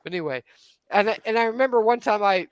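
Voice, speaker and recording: A man in casual chat, telling stories with animated, acted-out quotes. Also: fast, clean tone, no echo, low-quality recording. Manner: animated storyteller, jumps high acting out quotes.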